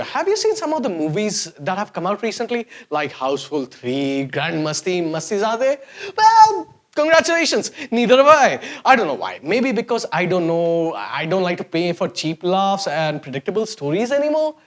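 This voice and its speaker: A man's voice: high-pitched, wildly swooping pitch, normal speed. A man hosting a sarcastic, mocking comedy rant to camera. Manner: sarcastic, mocking, exaggerated swings of voice. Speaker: host.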